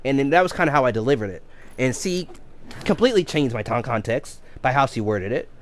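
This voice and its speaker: A man in his thirties talks casually to his stream audience. He rambles, restarts his sentences and repeats words as he goes. His pitch swings up and down a lot. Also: animated, a little fast, slight background noise. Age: 30s. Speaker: game streamer and coach. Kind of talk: casual chat on a live stream.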